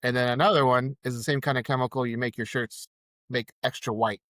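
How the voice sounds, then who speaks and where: A man's voice: mid-range voice, brisk, no echo, clean studio sound. A man, telling a rideshare story in casual chat and acting out the quotes. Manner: animated storyteller, acts out quotes. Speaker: podcast guest, rideshare driver.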